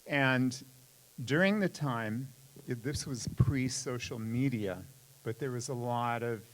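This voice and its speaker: A man's voice: mid-range voice, slow, low-quality recording. A man moderating a convention panel, reading prepared questions and adding brief reactions. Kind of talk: interview questions.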